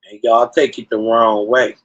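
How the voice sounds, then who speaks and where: A man hosting a casual livestream, ranting and telling stories in a profane, animated way into a computer mic. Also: medium pitch, normal speed, lo-fi sound. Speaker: livestream host.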